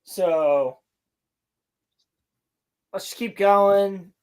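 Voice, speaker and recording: A woman's voice: medium pitch, very slow, a little mellow. A woman co-hosting a podcast, animatedly and profanely retelling a TV episode in casual chat. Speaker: podcast co-host.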